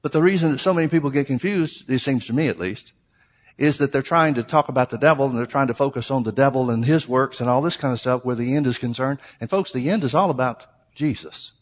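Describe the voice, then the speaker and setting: A man's voice: medium pitch, fast talker, in a large hall. A man preaching a sermon, teaching through a Bible passage in a conversational way and asking rhetorical questions.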